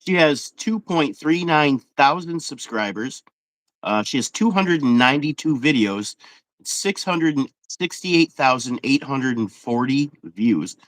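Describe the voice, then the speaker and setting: A man's voice: mid-range voice, animated, unhurried, dry recording. Upbeat man hosting, dry sound. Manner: upbeat, reads stats with fillers. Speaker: interview host. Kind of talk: casual interview hosting.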